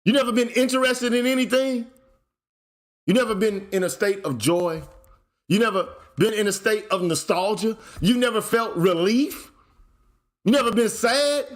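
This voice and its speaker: A man's voice: high voice, normal speed. A man hosting his channel, ranting in casual commentary, blunt and profane, firing off repeated rhetorical questions. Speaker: channel host.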